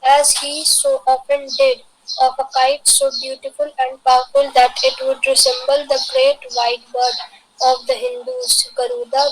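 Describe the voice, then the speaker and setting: High-voiced student reading aloud haltingly. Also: female voice, creaky, poor audio.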